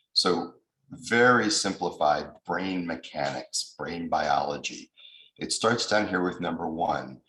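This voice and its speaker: A man's voice: low voice, bright, forceful tone, reverberant, rough recording. An American man giving a recorded lecture as a mediation trainer, explaining with examples and acting out angry voices he quotes.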